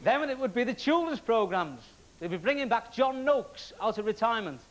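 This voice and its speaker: A man's voice: very high voice, animated, moderate pace, fairly bright tone, rough recording. A man from Wales performing a stand-up comedy routine with punchy joke delivery. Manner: punchy joke delivery, laughing along with the crowd. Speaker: comedian contestant.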